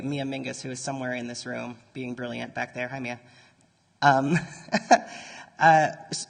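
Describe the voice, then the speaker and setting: A man speaks at a mid pitch to a live audience in a conference hall, his voice trailing a long reverb off the walls. His delivery is conversational and earnest, and he throws quick nerdy asides to the crowd. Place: conference room before an audience.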